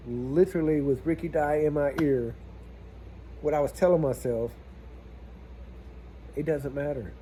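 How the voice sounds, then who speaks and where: Cussing plumber, dark voice. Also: male voice, on the high side, takes it slowly, pauses often, slight background noise. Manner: animated, swears freely, says y'all. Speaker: plumber telling a work story. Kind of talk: casual storytelling vlog.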